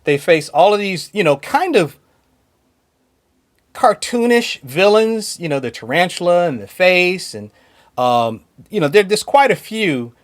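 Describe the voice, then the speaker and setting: A man co-hosting a podcast, chatting enthusiastically and laughing often between points. His voice sits a little higher than most men's. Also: lively intonation, measured pace. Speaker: podcast co-host. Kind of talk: casual chat.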